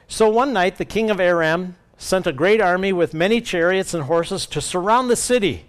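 A male pastor preaching and reading scripture aloud, expressive and acting out quoted speech. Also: high voice, moderate pace, hardly any pauses, smooth. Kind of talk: sermon with Bible reading.

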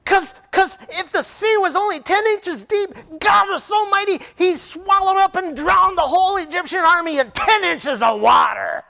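A man voicing an excited young surfer-type guy who gushes loudly with awe. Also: very high voice, moderate pace, hardly any pauses, voice pushed up, heavily acted. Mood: thrilled. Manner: gushing, loud and breathless with awe.

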